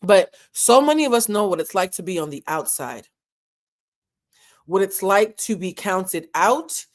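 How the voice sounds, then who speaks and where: Speaking at a medium pitch with a sing-song lilt, a woman gives candid, emotional commentary on a reality show. Dramatic pauses punctuate her remarks, and at times she's visibly moved.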